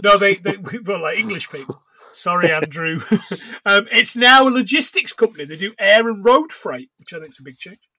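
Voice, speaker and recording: A man's voice: high-pitched, animated, normal speed, bright, forceful tone. A man co-hosting a podcast in casual chat, rambling and swearing as he recounts what he has watched. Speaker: podcast co-host.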